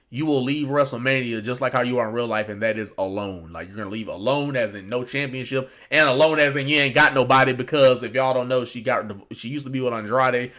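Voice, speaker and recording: A wrestling commentary YouTuber offers casual, rambling reactions to a show, full of fillers and restarts. His voice is medium-pitched and a bit bright.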